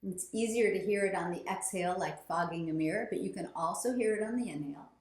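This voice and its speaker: A woman teaching a yoga class, giving calm, soothing instructions and counting breaths slowly. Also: on the low side, roomy sound.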